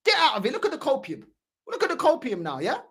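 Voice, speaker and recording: Brief: woman host, high bouncy voice, heated mocking rant. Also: huge pitch swings, fast talker, a bit bright, slightly rough. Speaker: fan channel host. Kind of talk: ranting reaction commentary.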